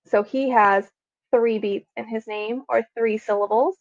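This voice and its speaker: A woman teacher giving a class lesson on video, speaking slowly and patiently and sounding out words beat by beat. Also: fairly high pitch, steady tone, highs cut off, background noise.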